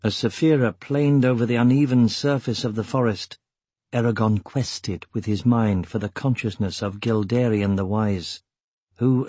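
Husky male audiobook narrator. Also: mid-range voice, no echo. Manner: steady, measured reading. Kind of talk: scripted fantasy narration.

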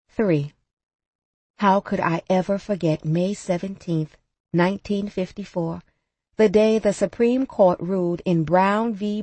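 A woman reads a first-person memoir in a calm, measured way. Her voice is soft and a little breathy, with a husky grain, pitched in a middle range. The recording is dry and close, with no room sound. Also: no room sound. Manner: measured, reflective storytelling. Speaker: audiobook narrator. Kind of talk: scripted memoir narration.

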